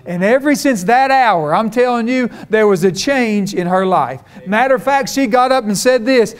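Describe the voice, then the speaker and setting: Fervent high-voiced preacher man. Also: expressive, normal speed, few pauses. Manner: storytelling, folksy, rising to fervent. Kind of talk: sermon.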